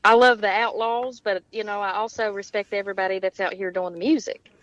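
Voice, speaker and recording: A woman's voice: medium pitch, steady tone, a little fast, a bit bright, dry recording. Giggly Southern woman on a dull line. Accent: Southern American. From Georgia, USA. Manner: giggly and chatty. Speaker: guest. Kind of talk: casual radio chat.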